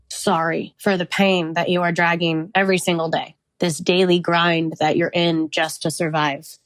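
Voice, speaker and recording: In a dry recording, a thirties-aged woman with a lowish voice hosts a podcast and talks openly about her own life. Her monologue is rambling and confessional, peppered with "like" and frequent small laughs.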